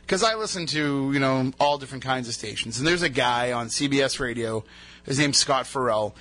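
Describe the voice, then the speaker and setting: A man on the radio tells rambling stories in casual, chatty banter, his voice newly back after he lost it. It's medium-pitched, bright and forceful, delivered at normal speed.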